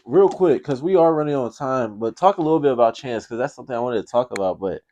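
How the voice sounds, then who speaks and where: A man's voice: medium pitch, lively intonation, fast talker, dark tone, dull audio. A man hosting a casual interview podcast in an easygoing way. His voice moves up and down a lot as he talks. He mostly keeps to short replies that back up his guest. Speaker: podcast host.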